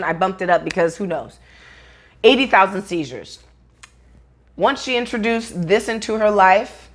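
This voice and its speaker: A woman speaks straight to her viewers in an earnest, emotional vlog. She sounds close to tears and drops casual swear words. Her voice sits at a middle pitch. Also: a bit bright. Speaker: vlogger. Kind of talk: emotional talk to camera.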